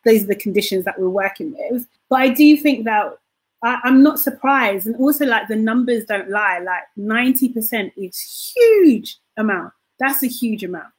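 A woman's voice: on the high side, expressive, normal speed, breathy edge. Earnest woman in casual podcast chat. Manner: earnest, often asks "do you know what I mean".

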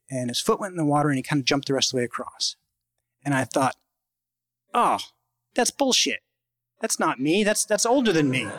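Guy telling a story about himself, kinda high voice, lots of uh and restarts, dry close mic. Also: fairly bright tone, dry recording. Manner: casual, halting, with many fillers and restarts; acts out quoted lines with sudden high pitch. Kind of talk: live personal storytelling.

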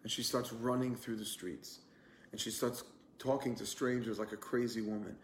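Rabbi, casual online teacher, mid-pitched, earnest storyteller; roomy webcam sound with faint hum. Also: male voice, steady tone, normal speed. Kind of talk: online lunch-and-learn class.

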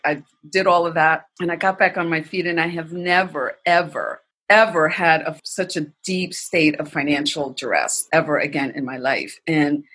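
A woman as a podcast guest, telling a personal story in an animated, emotional way, with frequent "like" and "you know". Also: low-pitched, husky.

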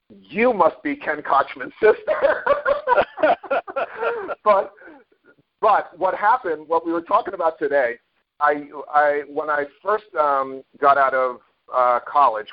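Rambling man telling stories, muffled audio. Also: mid-range voice. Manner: rambling anecdotes with many fillers and restarts. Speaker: guest, network marketer. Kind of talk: casual storytelling interview. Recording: dull lo-fi audio.

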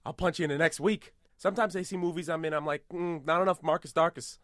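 A man doing an impression of a boastful tough-guy movie star, rambling deadpan about absurd things in an improvised comedy podcast. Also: on the high side, quick pace, dry recording, clean studio sound, natural voice.

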